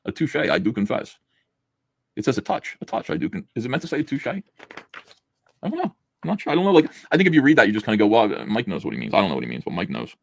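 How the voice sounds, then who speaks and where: Man, sarcastic comic reviewer, lively swooping voice, dry close sound. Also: medium pitch, racing, gravelly, breathy edge, no room sound. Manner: sarcastic, laughing, acts out panels. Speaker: host reviewing comic books. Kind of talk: casual review chat, reading aloud.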